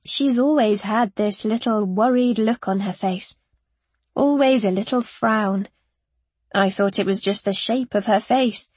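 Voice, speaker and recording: Woman voices a desperate young mother clinging to her baby, pleading, breathy, slow. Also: mid-range voice, no room sound. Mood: wistful. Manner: pleading, breaking into tears.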